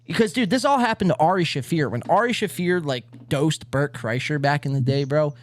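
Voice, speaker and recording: A man's voice: a little high, fairly quick. A man hosting a podcast, chatting casually and mocking the clips he watches, brash and full of swearing. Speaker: podcast host. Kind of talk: casual chat reacting to clips.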